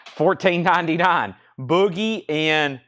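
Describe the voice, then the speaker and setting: A man's voice: fairly high pitch, slow pace, fairly bright tone. A man hosting a live online vinyl record sale, calling out lots and prices in casual auction patter and repeating the details. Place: record shop.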